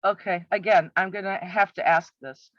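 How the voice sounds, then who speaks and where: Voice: mid-range voice, steady tone, normal speed, dry recording. A commentator picking apart a campaign video with exasperated, sarcastic rhetorical questions. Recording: slightly muffled, dry.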